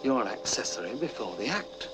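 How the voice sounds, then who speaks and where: An actor playing a stern police officer who curtly presses a suspect, from an old film trailer. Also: male voice, medium pitch, sing-song, a little fast, background noise, natural voice. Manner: curt, commanding.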